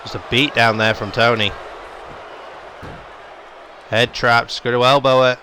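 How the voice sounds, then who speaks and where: A man's voice: medium pitch, steady tone, unhurried, bright, forceful tone, some chatter behind, slight background noise. A young man giving running play-by-play commentary on a wrestling video game, his voice jumping up on the big moves. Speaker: gaming YouTuber.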